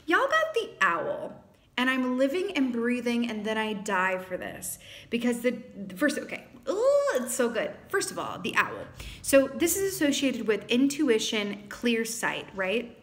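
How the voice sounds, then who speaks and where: A woman giving a casual tarot reading to camera, animated and quick to exclaim, acting out quoted lines. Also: fairly high pitch. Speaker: tarot reader.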